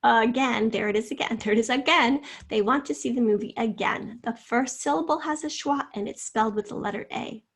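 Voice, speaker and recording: A middle-aged woman teaching a spelling lesson, saying each word slowly and then using it in a sentence. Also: on the high side, slightly rough. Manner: slow, careful word-by-word dictation with example sentences.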